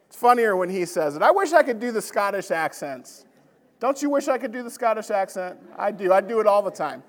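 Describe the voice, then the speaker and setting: Man, high voice, Bible class teacher, chatty church lesson, long hall reverb. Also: expressive, a little fast. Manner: conversational, often checks in with the class.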